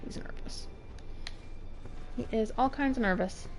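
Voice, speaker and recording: A woman's voice: fairly high pitch, unhurried, faint music behind. A woman streaming a game, chatting casually and rambling, with jumpy nervous exclamations. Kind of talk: casual gameplay commentary.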